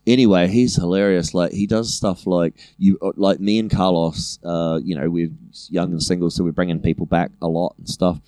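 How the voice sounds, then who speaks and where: Rambling low-voiced comedian. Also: male voice, little pitch movement, normal speed, few pauses, warm tone, no echo. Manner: rambling storyteller, lots of fillers. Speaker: guest comedian. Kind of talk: crude casual podcast banter. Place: small studio shed.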